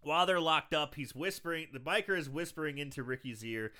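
A man's voice: a little high, fairly quick, hardly any pauses. A man casually recapping a movie on a podcast, laughing often and acting out the characters' lines. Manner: animated, laughs often, acts out quoted characters. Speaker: podcast co-host recapping a film.

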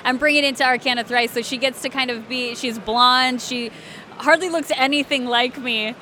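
A voice actress from Alabama chats casually in an interview, bubbly and often giggling, with lots of fillers. Her high-pitched voice is bright, forceful and steady at a moderate pace, with slight background noise.

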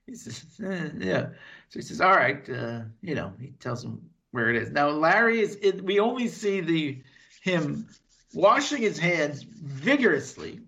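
Animated man recapping, gravelly and bright. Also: a little high, lo-fi sound. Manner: animated retelling with quick impressions and laughs. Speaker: podcast co-host. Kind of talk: casual recap chat.

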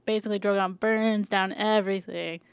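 A woman chatting casually, retelling a story in a lively way with casual swearing. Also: mid-range voice, fairly quick, creaky, smooth, no echo. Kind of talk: casual TV recap chat.

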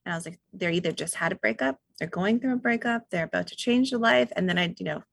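A woman's voice: lowish voice, quick pace, vocal fry, breathy edge, dry recording. A woman hosting a podcast, chatting casually and often murmuring agreement while her guest talks. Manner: attentive listener, frequent affirmations. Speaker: podcast host. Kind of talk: casual interview chat.

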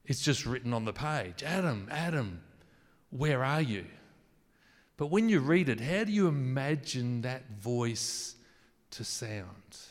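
A man of medium pitch gives a sermon in an easygoing, conversational style, questioning the congregation and making jokes about his own phrasing, with a long reverb tail on his voice.

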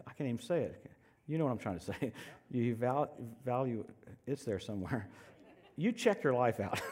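Preacher, male, middle-aged, slightly high voice; lively, jokey delivery with sudden shouts and quiet asides. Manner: animated, jokey, shifts from shouting to hushed. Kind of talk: sermon.

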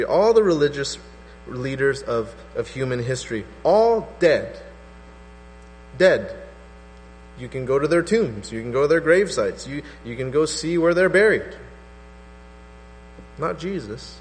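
A man preaching a sermon as pastor, animated and acting out skeptical voices. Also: a little high, a little fast. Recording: hall reverb with faint mains hum.

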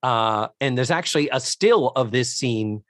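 Male podcast co-host, lively delivery, dry close sound, recaps and acts out scenes. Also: medium pitch, measured pace, no room sound. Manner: animated, acts out characters' lines in put-on voices. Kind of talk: casual chat recapping a sitcom episode.

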